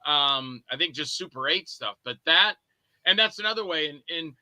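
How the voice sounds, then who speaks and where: A guest filmmaker with a voice on the high side tells stories at a normal speed in a casual interview. He's animated, acting out the people he quotes, swearing included. The recording is rough but has no echo.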